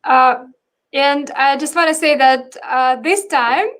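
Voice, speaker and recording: High-voiced woman host introducing a guest. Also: fairly bright tone. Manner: deliberate, formal announcing with hesitations. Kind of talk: formal live-stream introduction.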